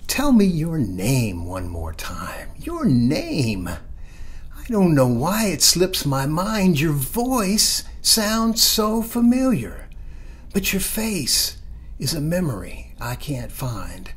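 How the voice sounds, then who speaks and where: A man's voice: a little high, huge pitch swings, takes it slowly, a little hiss or hum, voice pushed up, exaggerated voice. A man voicing a confused elderly mother whose memory is fading, asking over and over in a pleading, bewildered way.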